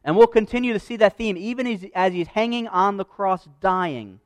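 A man preaching an expository sermon, reading scripture verses aloud and explaining them in an earnest, emphatic manner, slowing down for quoted lines. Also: high voice, expressive, dry recording.

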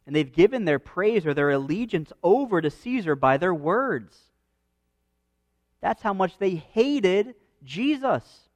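A man preaching an expository sermon, reading scripture verses aloud and explaining them in an earnest, emphatic manner, slowing down for quoted lines. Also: sits high, dry recording.

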